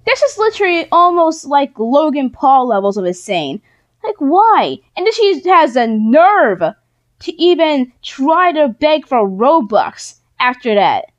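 A young woman YouTuber ranting indignantly in a casual vlog, quick and exasperated. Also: high voice, sing-song.

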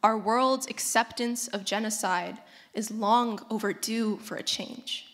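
A woman's voice: on the high side, steady tone, unhurried, fairly bright tone. A teenage girl performing spoken word poetry on a theater stage, with an impassioned, rhythmic, rhyming delivery. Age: teens. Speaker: slam poet.

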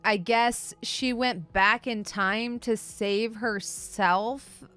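A woman's voice: fairly high pitch, steady tone, extremely slow, a bit bright, clear, resonant tone, soft background music. A woman hosting a comic book show, giving a blunt, sarcastic and profane casual review.

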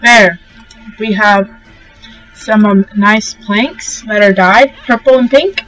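A young woman hosting a casual let's-play, gushing and excitable as she talks to the animals in the game. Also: medium pitch, slow pace, low-quality recording. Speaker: gaming channel host. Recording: faint game music behind.

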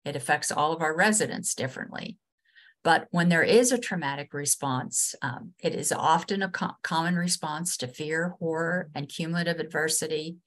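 A woman trainer with a West Virginian accent giving a webinar lesson over a video call, earnest and halting, with many restarts and fillers. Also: low-pitched, a bit bright. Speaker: state ombudsman and trainer.

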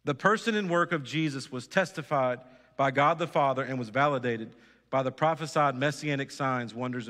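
A man's voice: medium pitch, a bit bright. Preaching man in a reverberant church. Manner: earnest preaching with repeated phrases and direct questions to the congregation. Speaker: pastor. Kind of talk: sermon. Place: church sanctuary.

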